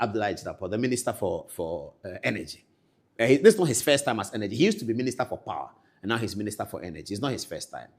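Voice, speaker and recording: A Ghanaian man giving animated political commentary, swinging between loud outbursts and quiet asides. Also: fairly low pitch, breathy edge.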